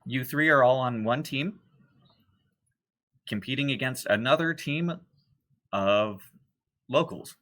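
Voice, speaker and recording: A man narrating as game master of a tabletop horror game, relaxed and sometimes losing his thread. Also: mid-range voice, slow pace, pauses often, rough recording. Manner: relaxed, occasionally losing his train of thought.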